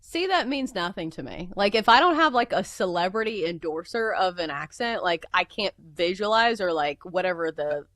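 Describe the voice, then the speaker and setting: Female radio host from the American South, animated pitch, chatty and laughing, slight runny nose, dry close mic. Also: normal speed, hardly any pauses, no room sound. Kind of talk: casual radio chat.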